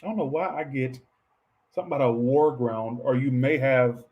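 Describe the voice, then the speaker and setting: Here the same kind of casual tarot session plays out: a man reading for viewers, rambling and offhand, swearing frequently and talking to chat on the side. His mid-range voice moves at a moderate pace, and the sound is lo-fi.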